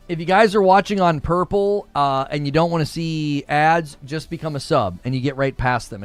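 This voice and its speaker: A man hosting a casual livestream, chatting about news and reading viewer messages in an animated way, laughing often. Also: a little high. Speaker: livestream host.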